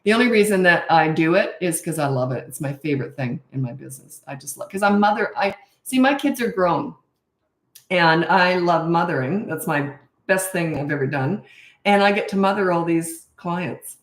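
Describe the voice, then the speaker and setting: A woman's voice: lowish voice, animated, normal speed. Blunt, emphatic woman in her sixties. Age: 60s. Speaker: parenting coach. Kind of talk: answering viewer questions. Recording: echoey room.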